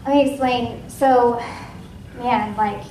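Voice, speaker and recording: A woman from Washington State sharing a personal testimony at a ministry meeting, in a casual, lively way with many fillers. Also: a little high, takes it slowly, distant mic, crowd noise. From Washington State, USA. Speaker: guest speaker at a ministry. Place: ministry meeting room with a live audience. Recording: echoey room, voice from off-mic.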